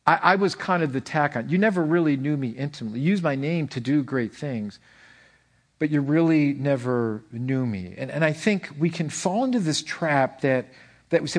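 A man pastor preaching a conversational sermon, telling stories with frequent restarts and an animated delivery. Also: a little high, normal speed.

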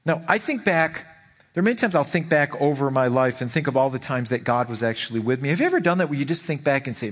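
A man's voice: medium pitch, animated, fast talker, a bit bright. A middle-aged man, a pastor, preaching a conversational sermon full of personal stories and rhetorical questions, often repeating words as he goes.

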